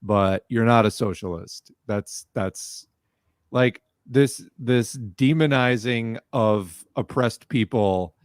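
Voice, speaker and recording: A man doing political reaction commentary, blunt and exasperated, who swears freely. His voice sits at an ordinary middle pitch. The recording is dry and close. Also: takes it slowly, clear, resonant tone, dry recording. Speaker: video commentator.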